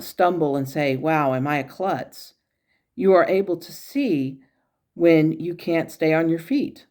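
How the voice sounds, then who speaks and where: In her own low, measured, teaching tone, a woman voices the wise and gently humorous words of a male angel guide.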